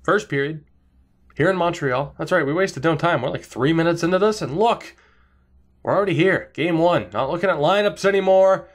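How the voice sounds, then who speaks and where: A man's voice: a little high, moderate pace. A man hosting a video game series, giving sarcastic, self-mocking commentary from a room with a desk mic. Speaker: gaming channel host. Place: indoor room by a wall. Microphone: desk mic facing camera.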